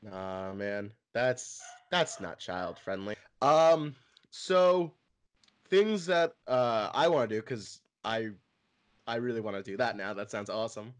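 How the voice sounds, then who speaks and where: A man's voice: mid-range voice, slow. A young man co-hosting a casual podcast-style chat, laughing often and swearing casually. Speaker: channel co-host.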